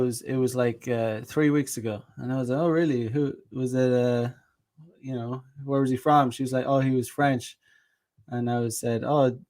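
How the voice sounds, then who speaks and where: A man hosting his own channel, telling a dating story in a rambling, casual monologue with frequent restarts, swearing and short laughs. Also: medium pitch. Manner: reads out viewer comments. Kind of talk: casual monologue with reenacted dialogue.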